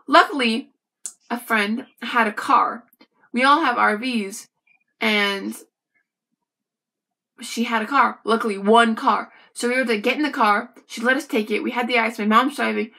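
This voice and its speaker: Young woman vlogging her story, chatty and animated, kinda high bright voice. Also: normal speed, vocal fry. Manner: chatty and animated, with asides to the viewer. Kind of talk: casual storytelling to camera.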